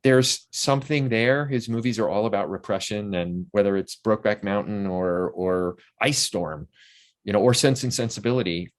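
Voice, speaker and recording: Older man, interview guest, lowish voice, eager rambling stories, casual chat. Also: normal speed. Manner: enthusiastic, rambling anecdotes with restarts.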